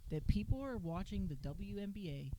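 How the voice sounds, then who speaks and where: A man's voice: sits high, animated, moderate pace, background noise. A man co-hosting a podcast in casual chat, making an opinionated case. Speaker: podcast co-host.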